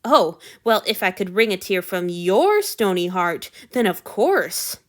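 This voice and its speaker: A woman's voice: medium pitch, sing-song, unhurried. A woman doing a snappish, sarcastic young lord. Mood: teasing. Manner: snappish and dry.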